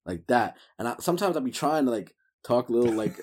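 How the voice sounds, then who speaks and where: A man's voice: mid-range voice, big pitch swings, fast, a little mellow, slightly rough. A young man with a New York accent, chatting casually as an interview guest, slangy and laid-back with many fillers. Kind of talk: casual chat.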